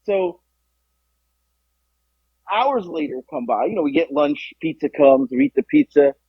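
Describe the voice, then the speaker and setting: A man co-hosting a podcast, telling a story in casual chat, animated and profane, acting out the voices of other people. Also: on the high side, a little slow, slightly rough, no room sound, lo-fi sound. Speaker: podcast co-host.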